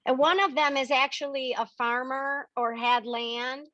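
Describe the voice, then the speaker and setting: Bright-voiced woman medium on a video call. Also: high-pitched, steady tone, a little slow, no echo. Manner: chatty, acts out quoted dialogue, talks to animals and spirits. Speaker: spiritual medium hosting a member Q&A. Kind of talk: casual, animated explaining. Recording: dull, lo-fi video-call audio.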